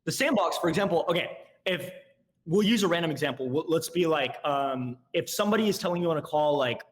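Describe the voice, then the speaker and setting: A young man, a guest on a casual podcast, explains sales tactics in a lively way and acts out both sides of a call. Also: fairly high pitch. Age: young adult. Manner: rapid, animated explaining, acting out both sides of calls.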